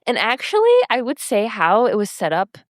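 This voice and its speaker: A woman's voice: a little high, wildly swooping pitch, normal speed, no echo, clean studio sound. A woman co-hosting a podcast, casually recapping a TV episode and often laughing as she quotes the characters. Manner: retells scenes quoting characters, laughs often. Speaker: podcast co-host.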